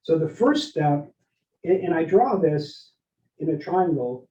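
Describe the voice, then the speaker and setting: Energetic man, roomy distant recording. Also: fairly high pitch, slow. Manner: energetic, storytelling, keeps asking the audience "right?". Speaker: keynote speaker. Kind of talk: live leadership workshop talk. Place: event room with live and online audience. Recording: roomy, distant, dull lo-fi sound.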